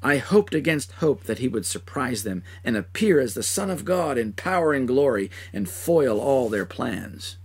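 Guy doing a remorseful traitor, husky voice, pleading and crying out, dramatic monologue. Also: mid-range voice, big pitch swings, normal speed, hardly any pauses. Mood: anxious. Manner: impassioned, cries out in anguish. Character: remorseful man who betrayed his master. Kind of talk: dramatic first-person monologue.

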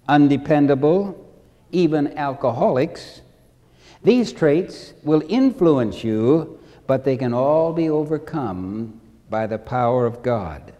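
A man preaching a sermon with slow, deliberate delivery, repeating key phrases and acting out stories. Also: fairly high pitch, dark tone, big-room sound.

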